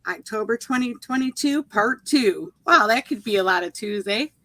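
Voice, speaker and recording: Bright high-voiced Southern woman. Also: animated, moderate pace, dry recording. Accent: Southern US drawl. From Kentucky, USA. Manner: reads out list with laughs. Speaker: guest creator. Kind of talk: casual livestream chat.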